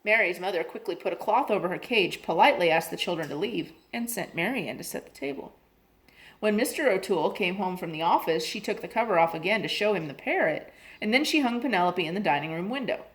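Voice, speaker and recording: A woman's voice: lowish voice, fast talker. A woman expressively reading a children's chapter book aloud. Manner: expressive, lively. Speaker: reader.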